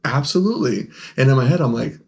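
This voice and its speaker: Talking fairly quickly in a lowish, creaky voice, this young podcast co-host and game store owner rambles through stories in casual conversation. He laughs a lot and acts out whoever he's quoting.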